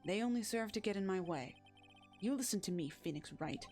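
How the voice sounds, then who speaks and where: A woman voicing a cold, formal young male prosecutor in a game, speaking curtly and lowering her voice. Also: animated, brisk, a little mellow, soft background music, lightly acted. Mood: cold, stern. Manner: formal, curt, aloof.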